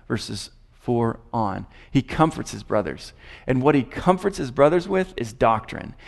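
Gravelly-voiced man teaching scripture. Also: mid-range voice. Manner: reads scripture aloud and comments with repeated restarts. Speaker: preacher. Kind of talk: Bible teaching.

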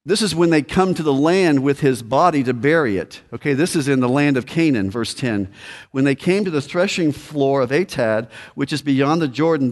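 A man preaching a sermon in a conversational way, reading scripture and talking straight to the congregation. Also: mid-range voice. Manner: conversational preaching, addresses listeners directly. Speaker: pastor.

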